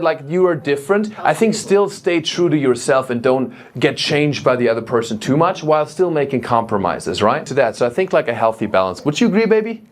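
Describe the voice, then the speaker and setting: A German man doing stand-up crowd work, playful and teasing, laughing often. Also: a little high. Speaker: stand-up comedian. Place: comedy club stage. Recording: loud crowd laughter behind.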